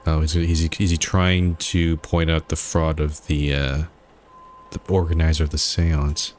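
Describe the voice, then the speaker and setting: A man's voice: very deep voice, level tone, normal speed, slight background noise. A man playing a game and thinking aloud as he commentates, reading and weighing the options. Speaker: gamer. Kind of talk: let's play commentary.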